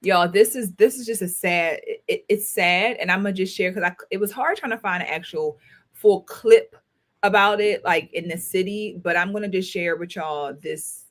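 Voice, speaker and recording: A school counselor and talk show host, a woman in her thirties, hosts an informal livestream in a mid-range voice at a moderate pace. She addresses her viewers directly, stressing her points and saying phrases more than once.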